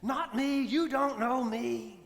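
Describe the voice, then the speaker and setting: A man's voice: very high voice, takes it slowly, full character voice. A man, a priest, voicing a doubting woman at a well in a sermon story, asking in wonder. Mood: disbelieving. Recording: echoey church with long reverb.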